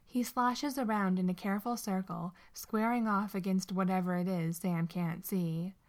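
A woman narrating a story aloud in an expressive, steady way. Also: mid-range voice, normal speed.

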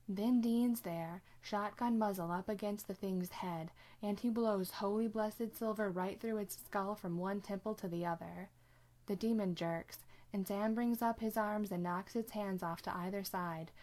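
A woman reading a story aloud in steady narration. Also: mid-range voice. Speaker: reader.

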